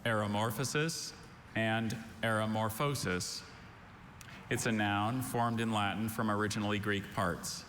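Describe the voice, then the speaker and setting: Low-voiced guy reading spelling words and definitions, careful and exact, big hall echo. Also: little pitch movement, a bit bright, a little hiss or hum. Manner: measured, precise enunciation. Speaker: pronouncer at a spelling bee. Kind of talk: formal word pronouncing and reading definitions. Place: large event hall. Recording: long hall reverb.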